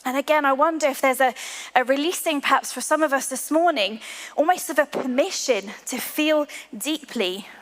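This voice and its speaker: A woman preaching a sermon to her church, earnest, slowing to a hushed voice on key lines. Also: high voice. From England. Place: large church hall. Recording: long hall reverb.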